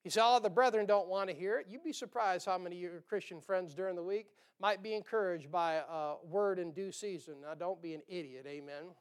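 A male pastor preaching with a high-pitched, clear and resonant voice. He keeps things folksy and joking, chuckling between points and firing rhetorical questions at his listeners. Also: brisk, hardly any pauses. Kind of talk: sermon.

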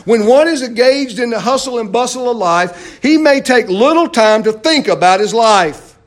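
A man preaching a sermon, asking rhetorical questions and often dropping suddenly to a quiet voice. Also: very high voice, lively intonation, normal speed. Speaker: pastor.

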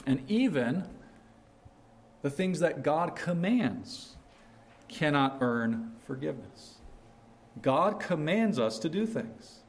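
A man preaching a sermon in a slow, earnest way, rising sharply on his questions. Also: fairly high pitch, sing-song.

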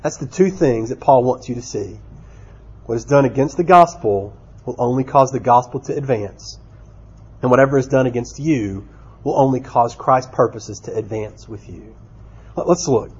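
A man's voice: medium pitch, normal speed, darkish tone, breathy edge. A man preaching a sermon, self-deprecating and speaking directly to the children, on a dull lo-fi recording. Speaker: pastor.

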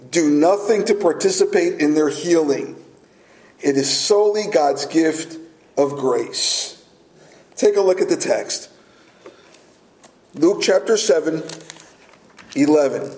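A man delivers a morning sermon in an unhurried, measured way, leaning on pauses to stress his points. His voice sits somewhat high for a man. The sound rings with the echo of a large room. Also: a little mellow. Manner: slow, deliberate preaching with emphatic pauses. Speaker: pastor. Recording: echoey room.

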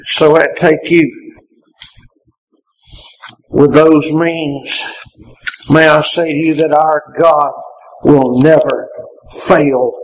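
An older man preaching a sermon, an impassioned delivery that climbs to shouts and then drops low. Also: fairly even intonation, drawn-out words, long pauses, low-quality recording.

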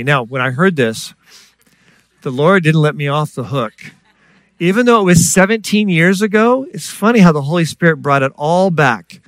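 A man's voice: on the high side, animated, normal speed, a bit bright, no echo. Man, middle-aged, pastor, sermon, chatty rhetorical questions, dry recording. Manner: conversational preaching with asides and rhetorical questions.

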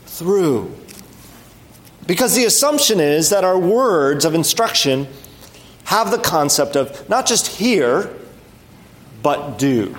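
Earnest preaching man, slightly high voice. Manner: earnest, emphatic, with rising stresses and quiet drops; conversational with fillers and restarts. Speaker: pastor. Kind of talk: sermon.

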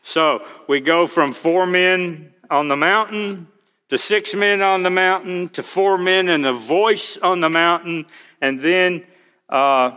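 Man, pastor preaching, fairly high voice, emphatic scripture quoting, church hall echo. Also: takes it slowly, sharp tone, clear, resonant tone. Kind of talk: sermon.

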